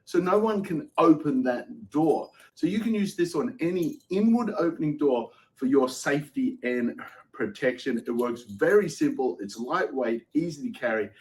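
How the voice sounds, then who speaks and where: A man's voice: medium pitch, lively intonation, moderate pace, a little mellow, breathy edge, rough recording. Man demoing products step by step. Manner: walks through features step by step. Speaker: live shopping show host. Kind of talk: product demonstration.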